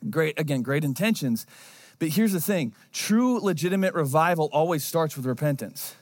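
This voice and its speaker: A man's voice: a little high, expressive, normal speed. A man preaching a sermon in a conversational, storytelling way, acting out quotes as he goes. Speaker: pastor.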